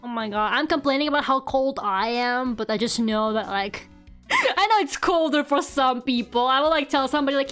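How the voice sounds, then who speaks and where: A woman's voice: sits high, animated, fairly quick, a bit bright. A young woman streaming as a VTuber, chatting casually, giggling and swearing now and then, with faint game music behind her. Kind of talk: casual livestream chat.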